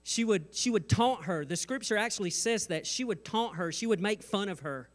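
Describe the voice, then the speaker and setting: Man preaching a lively sermon. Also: high-pitched, normal speed. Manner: jokes and asides, rising intensity. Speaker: pastor. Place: church stage.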